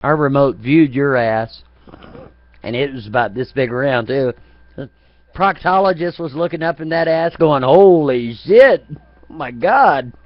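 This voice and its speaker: A man's voice: medium pitch, normal speed, no echo. A man hosting a live chat broadcast, rambling in a profane, taunting and mocking way. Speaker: chat room moderator. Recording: dull lo-fi, dry.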